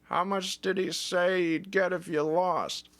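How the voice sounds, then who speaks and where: A man's voice: sits high, fairly even intonation, a little slow, fairly bright tone, dry recording, voice pushed up. A man voicing a blunt senior coworker who sarcastically calls him an idiot. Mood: skeptical.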